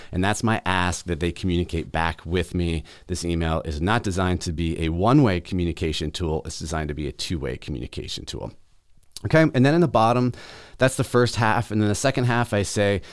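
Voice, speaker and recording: A man's voice: low-pitched, brisk, dry recording, clean studio sound. A man hosting a solo business podcast, talking casually and reading his own email aloud. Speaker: podcast host.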